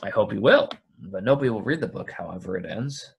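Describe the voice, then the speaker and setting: A man voicing a grave, patient old male wizard who speaks in a measured, deliberate way. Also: fairly low pitch, expressive, creaky, slightly rough, heavily acted.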